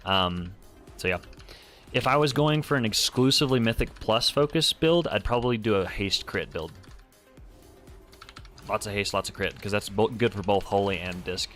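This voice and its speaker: A man's voice: fairly low pitch, normal speed, a bit bright, soft background music. A man casually commenting while streaming a game, rambling with many fillers as he answers chat.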